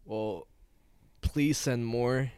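A man's voice: medium pitch, extremely slow, darkish tone, smooth, no room sound. Profane podcast host man, dry sound. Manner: loose, profane, "bro". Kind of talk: casual podcast chat.

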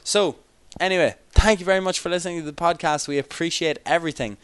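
A man's voice: on the high side, fast talker, fairly bright tone, clean tone, dry recording. A young man co-hosting a podcast in rambling, jokey, tired late-night chat. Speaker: podcast co-host. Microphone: external microphone.

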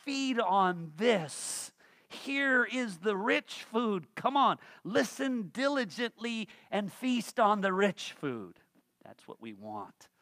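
Fervent high-voiced male preacher. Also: big pitch swings, slow, fairly bright tone, no echo, clean studio sound. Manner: folksy and humorous, building to fervent emphasis. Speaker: pastor. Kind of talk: sermon.

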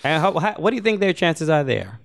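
A young adult man co-hosting a podcast, chatting casually with halting, stop-start phrasing. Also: a little high, big pitch swings, creaky, no echo, clean studio sound. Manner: hesitant, many restarts and fillers. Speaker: podcast co-host. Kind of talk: casual chat.

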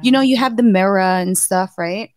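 A woman's voice: moderate pace, no room sound. A woman in her thirties co-hosting a podcast, chatting casually and acting out quotes as she tells a story. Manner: animated storyteller, acts out quotes with sudden high pitch. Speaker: podcast co-host. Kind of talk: casual chat, telling a birth story.

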